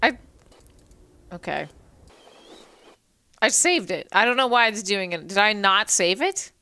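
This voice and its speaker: A woman chatting casually while playing a game on stream, excitable and chatty. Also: mid-range voice, unhurried, dry recording. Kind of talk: casual let's-play chat.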